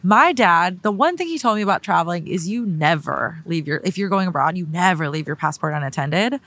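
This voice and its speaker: A woman's voice: fairly low pitch, animated, brisk, fairly bright tone. A young woman from California, guest co-hosting a podcast and telling a story with dramatic emphasis in casual chat. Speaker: guest co-host.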